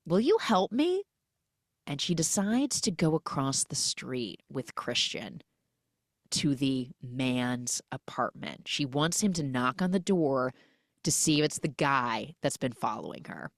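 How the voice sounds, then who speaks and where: A woman hosting a podcast, retelling a film's plot in a lively, animated way. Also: a bass voice, unhurried, no echo, studio quality. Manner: animated storytelling, acts out quoted lines. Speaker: podcast host. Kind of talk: casual movie recap.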